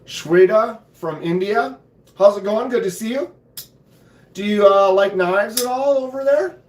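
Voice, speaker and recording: Hoarse man chatting on a live stream. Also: high voice, unhurried, a little mellow, reverberant. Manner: laid-back, chatty, clears throat often. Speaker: knife channel host. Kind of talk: casual live stream chat. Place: home knife room.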